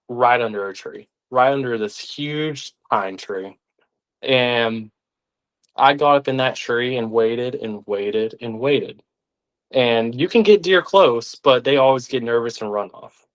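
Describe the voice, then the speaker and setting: A young man with a drawl tells his stories in a casual, animated way. His voice sits at a middle pitch. He slips into other people's voices when he quotes them. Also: a little slow. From Arkansas, United States. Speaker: guest. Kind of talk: casual storytelling.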